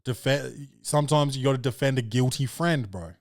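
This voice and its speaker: Young Aussie bloke hosting a podcast, laid-back slangy banter, mid-pitched, close dry mic. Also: male voice, moderate pace, vocal fry, dry recording. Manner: loose, slangy, jokey storytelling. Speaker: podcast host and comedian. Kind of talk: casual podcast chat.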